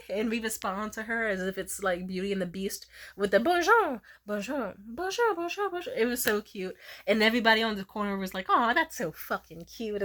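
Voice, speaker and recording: A young woman vlogger rambling through a storytime with lots of swearing and asides. Her voice sits at an ordinary middle pitch, and she jumps into high squeals when she imitates people she met. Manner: chatty, profane, acts out quotes in high squeals. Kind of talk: casual storytime vlog.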